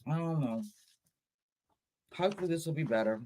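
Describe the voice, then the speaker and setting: Lively, scatterbrained woman streamer. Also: deep voice, moderate pace, slight background noise. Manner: scattered, chatty, cursing, self-mocking. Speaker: livestream host. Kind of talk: casual livestream chat.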